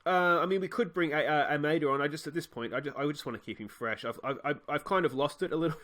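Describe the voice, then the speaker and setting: This let's play host is a fast talker whose voice is on the high side, bright and forceful. A young man with an Australian accent, he commentates his football management game in a rambling, frustrated way with lots of restarts.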